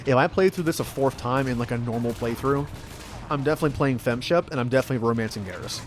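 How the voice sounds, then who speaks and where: A man streaming a video game, chatting casually and excitably, yelping and laughing as he plays. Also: mid-range voice, quick pace, noisy background. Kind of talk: casual gameplay commentary.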